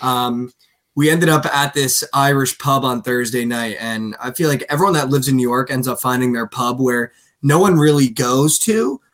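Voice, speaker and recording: A man's voice: medium pitch, moderate pace, fairly bright tone. A young man in his twenties co-hosting a sports betting podcast, telling stories in a rambling, casual way full of fillers. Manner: rambling storyteller, lots of "like" and "dude". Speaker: podcast co-host.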